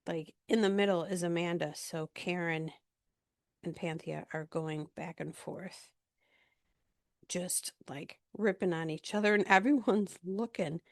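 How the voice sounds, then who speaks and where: A woman's voice: on the low side, no echo, clean studio sound. A woman casually recapping a reality TV episode, retelling the scenes in a chatty way with lots of fillers.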